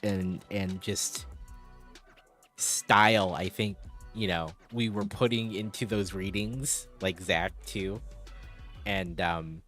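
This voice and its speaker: Guy chatting with his stream, rambly, lowish voice, some quiet music behind. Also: steady tone, takes it slowly. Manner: rambling, chatty, answering viewers' chat. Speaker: live streamer. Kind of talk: casual livestream chat.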